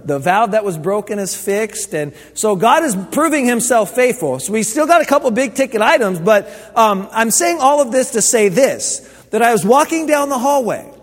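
A man's voice: high voice, very animated, normal speed, few pauses. A man preaching a sermon as pastor, telling stories in a casual, conversational way with frequent restarts. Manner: conversational storytelling, many restarts. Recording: long hall reverb.

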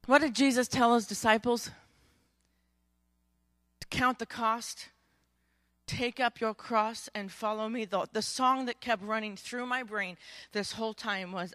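A woman pastor preaching a sermon in a conversational, joking manner, acting out stories with lively emphasis and frequent restarts. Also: on the high side, a little slow, pauses often, dry recording, clean studio sound. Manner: animated storytelling, acting out quotes with rising volume; frequent word repetitions and restarts.

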